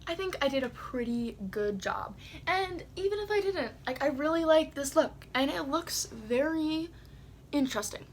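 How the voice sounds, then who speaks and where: A woman with a notably high voice talks the viewer through her makeup step by step. Her tone is chatty and casual, and she pokes gentle fun at herself as she goes. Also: animated, normal speed, a little hiss or hum. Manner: chatty, self-deprecating, talks while doing makeup. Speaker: beauty vlogger. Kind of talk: casual makeup tutorial chat.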